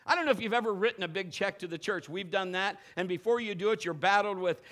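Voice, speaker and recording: A middle-aged man preaching a sermon in a church service, telling personal stories with loud bursts and quiet asides. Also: quick pace, few pauses. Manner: animated storytelling, swinging between loud bursts and low asides. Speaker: pastor.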